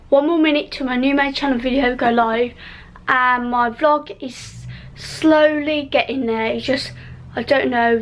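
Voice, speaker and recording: A woman's voice: high voice, slight background noise, low-quality recording. Rambling young woman vlogging at home. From United Kingdom. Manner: rambling, lots of fillers and trailing off. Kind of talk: casual vlog talk. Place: home bedroom, indoors.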